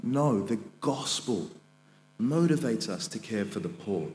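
Young man, student minister, earnest sermon, long church reverb, faint mains hum. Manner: earnest preaching, rises high and loud when quoting scripture.

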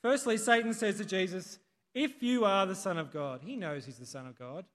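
A man's voice: high voice, moderate pace, fairly bright tone, long reverb tail. A man preaching a sermon in a conversational way, putting questions to the congregation. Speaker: pastor. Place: church hall.

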